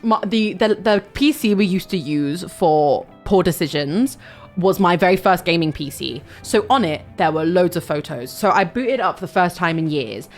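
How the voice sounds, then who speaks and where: A woman's voice: on the low side, lively intonation, normal speed, faint music behind. A young woman chatting casually on a livestream, swearing freely and reading chat aloud.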